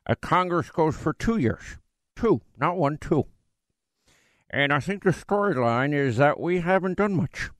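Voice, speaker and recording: A man doing a comic impression of a slow, pompous, self-pitying older male senator on talk radio. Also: fairly high pitch, expressive, a bit bright, no echo, studio quality. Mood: indignant. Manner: drawling, fussy, self-pitying.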